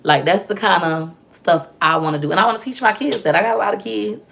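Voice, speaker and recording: A young woman vlogger chatting casually to camera, telling animated stories full of slang and asides. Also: mid-range voice, fast talker, creaky, a little hiss or hum.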